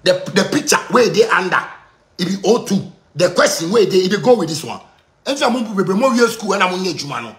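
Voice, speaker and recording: A man in his thirties with a Ghanaian Pidgin English accent delivers a loud, excitable, heated rant that keeps circling back on itself. His voice is high-pitched and fast, and the sound is roomy.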